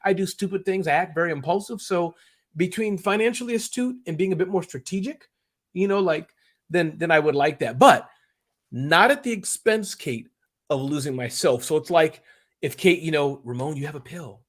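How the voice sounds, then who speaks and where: A man chats as an interview guest. He rambles and gets emotional as he goes, and his voice stays animated throughout. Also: high voice, moderate pace. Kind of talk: casual interview chat.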